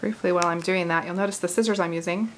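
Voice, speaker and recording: A woman in her forties hosting a casual card-making tutorial, chatty and quick to laugh as she talks through her work. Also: fairly low pitch, steady tone, a little hiss or hum, rough recording. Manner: chatty, laughs easily, thinks aloud while working. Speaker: craft video host.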